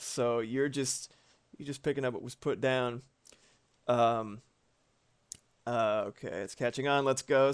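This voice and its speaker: Laid-back man in his thirties, smooth resonant tone and average pitch, loose live-stream banter. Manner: relaxed, chatty, reads chat aloud, swears casually. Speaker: streamer and animator. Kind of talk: casual live-stream chat.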